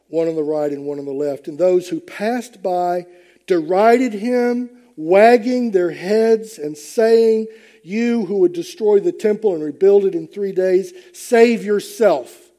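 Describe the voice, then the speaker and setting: Slow, mellow-voiced male preacher. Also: on the high side. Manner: emphatic, rising and falling with the message. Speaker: pastor. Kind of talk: sermon.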